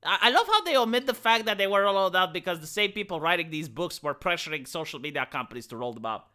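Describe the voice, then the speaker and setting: A man from Romania reacts on a live stream in loose, casual commentary. His voice is bright and swings widely in pitch. He stammers, restarts and leans heavily on filler words. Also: expressive, fast.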